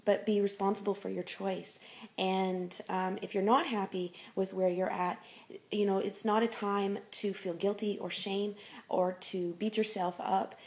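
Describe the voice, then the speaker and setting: Encouraging woman life coach, halting. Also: mid-range voice, a little mellow. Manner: encouraging, frequent ums and you-knows. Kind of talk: motivational talk.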